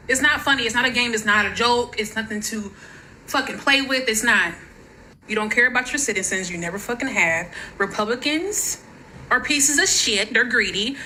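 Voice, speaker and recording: Woman, angry vlog rant, high bright voice, profane, faint noise behind. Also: poor audio. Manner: furious, profane, shouting in bursts. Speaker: social media creator.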